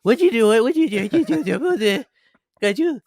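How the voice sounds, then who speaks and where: A man's voice: very high-pitched, animated, moderate pace, vocal fry, darkish tone, no echo, voice pushed up, full character voice. A man putting on the voice of a grown woman who baby-talks to a child in a sing-song way. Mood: mocking.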